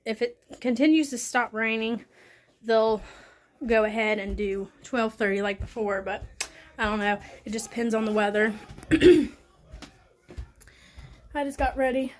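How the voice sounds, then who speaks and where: A woman chatting casually to camera at home, rambling with soft laughs, a bit out of breath. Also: a little high. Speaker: vlogger. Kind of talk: casual home vlog chat. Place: home, indoors and outdoors.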